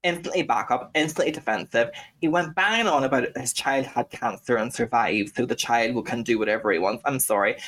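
A man's voice: medium pitch, a bit bright. Scouse guy ranting on a podcast, blunt, swears loads. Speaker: podcast co-host. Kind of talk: casual podcast chat.

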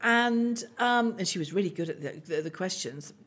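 A woman's voice: mid-range voice, expressive, normal speed, a bit bright, breathy edge. Chatty woman, mid voice, friendly back-and-forth. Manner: chatty, sympathetic, tells anecdotes. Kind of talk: casual chat.

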